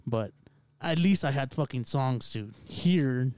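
A man hosting a casual chat, relaxed and swearing often. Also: medium pitch, slow pace, clean tone, dry recording. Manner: laid-back, swears constantly.

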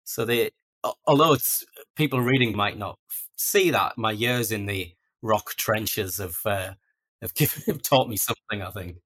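A man tells stories in a relaxed, self-deprecating way. His low voice has a forceful, bright edge. He sounds like a podcast guest chatting easily. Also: moderate pace. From North East England. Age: 40s. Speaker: guest author. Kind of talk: casual podcast interview.

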